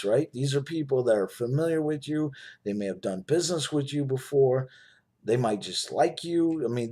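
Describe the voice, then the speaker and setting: A man making a casual, persuasive sales pitch to the camera, often checking in with "right?" and "you know". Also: a little mellow, husky. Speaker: network marketing promoter.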